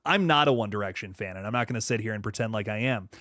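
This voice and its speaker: A young man hosting a horror livestream, chatting casually and reading viewer comments aloud, often laughing and dropping into low asides. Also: rapid-fire, fairly bright tone, dry recording, studio quality. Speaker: horror channel host reading live chat.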